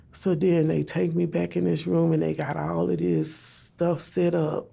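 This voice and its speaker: Gravelly, husky woman telling a personal story. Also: low-pitched, little pitch movement, a little slow, few pauses, mellow. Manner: retells events in plain repeated phrases, speaking prayers aloud. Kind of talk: emotional personal testimony.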